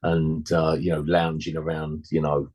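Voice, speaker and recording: A man's voice: extremely low pitch, monotone, normal speed, darkish tone. A man in his sixties, a musician guest, rambling and blunt in casual interview chat, full of "you know" and slangy asides.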